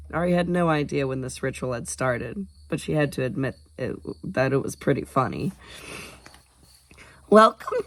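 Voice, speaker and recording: A man's voice: medium pitch, no room sound. Guy reading an audiobook, middle voice, super dry close mic. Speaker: audiobook narrator. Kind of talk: scripted narration.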